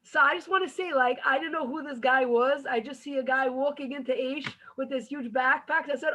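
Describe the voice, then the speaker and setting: A woman's voice: sits high, fairly quick, hardly any pauses, pushed and bright, low-quality recording. A woman hosting a podcast, eagerly recounting how she met her guest. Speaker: podcast host. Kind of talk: casual storytelling.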